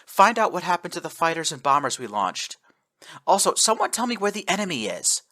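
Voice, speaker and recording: A man voicing a young female acting captain who gives brisk orders to her crew. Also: a little high, very animated, sharp tone, voice pushed up. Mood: commanding. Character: young woman acting starship captain, commanding.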